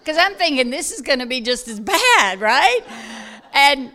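A woman from South Georgia tells a story in an easy, casual way. Her voice is bright and a little high, and she gets animated, acting out the voices of the people in it and laughing as she goes. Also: measured pace. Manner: animated, acts out quoted voices loudly, laughs while telling. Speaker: guest telling a testimony.

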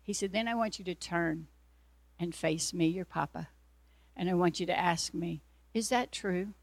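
A woman's voice: fairly low pitch, moderate pace, vocal fry, dry recording. A woman preacher giving an earnest sermon testimony, telling her story and acting out her own prayers and God's replies.

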